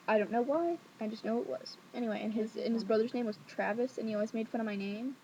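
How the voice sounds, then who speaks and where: A young woman vlogging from home at night, telling a childhood story in a rambling, sassy, animated way. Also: on the high side, quick pace, few pauses, a little hiss or hum. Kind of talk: casual storytelling to camera. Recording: dull lo-fi webcam audio.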